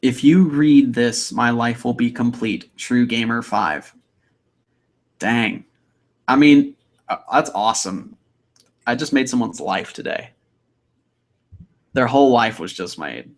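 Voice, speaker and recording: A young man hosting a casual livestream, chatty and upbeat as he rambles through viewer comments. His voice has a gravelly edge, and his pitch swings around a lot. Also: animated, slow pace, long pauses. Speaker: livestream host.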